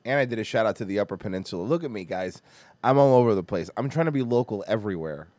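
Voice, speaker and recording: A man from Florida hosting a podcast, ranting loudly and crudely and mocking others in exaggerated voices. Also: on the low side, animated, fast, dry recording. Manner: loud, profane, mocking rant. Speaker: podcast host. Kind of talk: casual podcast rant.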